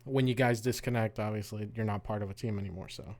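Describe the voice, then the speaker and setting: A young man co-hosting a podcast, explaining games in a relaxed, casual way. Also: on the low side, fast. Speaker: podcast co-host. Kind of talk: casual chat.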